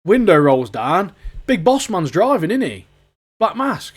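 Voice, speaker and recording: Excitable man in banter. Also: high voice, measured pace, breathy edge. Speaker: podcast co-host. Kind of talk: casual chat.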